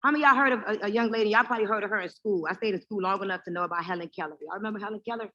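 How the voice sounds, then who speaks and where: A woman hosting a live motivational event, speaking in an animated, preacher-like way and calling out to the crowd for response. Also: medium pitch, rapid-fire, lo-fi sound, slight background noise. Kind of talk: lively stage talk with call and response. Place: live event in front of an audience.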